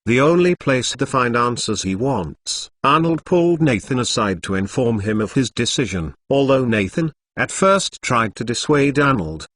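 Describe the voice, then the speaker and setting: A man narrating a web novel as an audiobook in a steady storytelling read. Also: medium pitch, normal speed, few pauses, a little hiss or hum.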